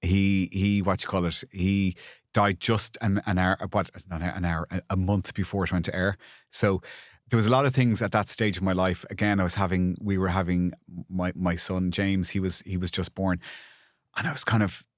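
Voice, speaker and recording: Irish man, low voice, halting restarts. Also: steady tone, no echo, studio quality. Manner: halting restarts, repeats words, grows emotional. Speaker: guest, architect and TV presenter. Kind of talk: candid conversational interview.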